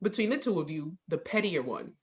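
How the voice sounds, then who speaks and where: A woman hosting a casual video-call interview, bubbly and quick to laugh. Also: on the low side, lively intonation. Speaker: host.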